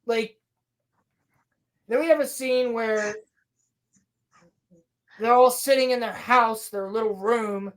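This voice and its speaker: A woman's voice: a little high, slow pace, long pauses. A woman hosting a podcast, recapping a TV episode in a sarcastic, profane, mocking way. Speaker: podcast host reviewing a TV episode.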